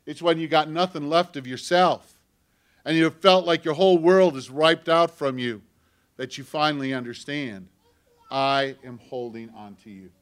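Guy preaching a sermon, bit high voiced, tells personal stories, gets loud then drops to almost a whisper. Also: normal speed, clear, resonant tone. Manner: swings from loud emphatic lines to hushed near-whispers; earnest, personal storytelling. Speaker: pastor.

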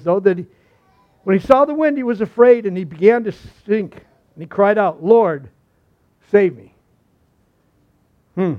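A male pastor preaching a sermon, telling stories in a folksy way with repeated phrases and asides. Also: sits high. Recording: slightly muffled recording.

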